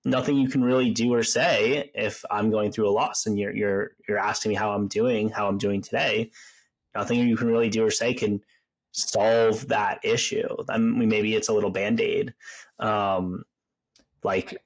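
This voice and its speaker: A man's voice: fairly low pitch, fairly even intonation, moderate pace, poor audio. A man hosting a podcast interview, reflective and sympathetic, often restarting his sentences. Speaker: podcast host. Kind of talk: interview conversation.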